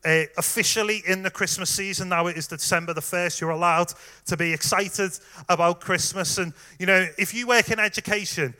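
Male preacher, high bright voice, chatty sermon delivery, addresses the congregation directly. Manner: conversational, warm direct address with fillers.

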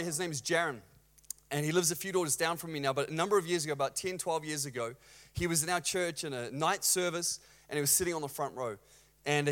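A male pastor preaching a sermon in a church, energetic, swinging from loud exclamations to hushed storytelling. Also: a little high.

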